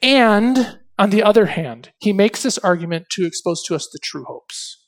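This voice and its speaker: A man's voice: high voice, lively intonation, moderate pace. A male preacher giving an expository sermon, asking rhetorical questions and reading scripture with dramatic emphasis.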